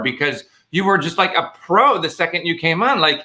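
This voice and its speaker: Bright-voiced man gushing as a guest. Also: fairly high pitch, moderate pace. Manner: effusive, gushing praise. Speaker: guest actor. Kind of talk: casual chat on a live stream.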